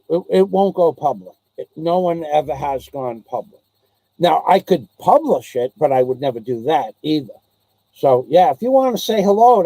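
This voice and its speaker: A man's voice: on the high side, dark tone, no echo. A man, rambling through old memories and repeating himself as a channel host. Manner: rambling, repeats himself, mimics others' voices in anecdotes. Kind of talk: rambling storytelling chat.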